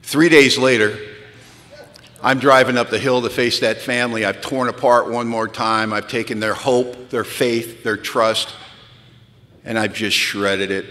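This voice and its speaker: A man from California telling his recovery story at a retreat, candid and wry, sinking low and quiet, then rising to pleading intensity. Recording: long hall reverb.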